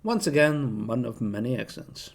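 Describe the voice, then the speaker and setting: A man's voice: medium pitch, animated, normal speed. A young man chatting casually on a stream, rambling in a self-deprecating way with slightly non-native phrasing. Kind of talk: casual chat showing off voices.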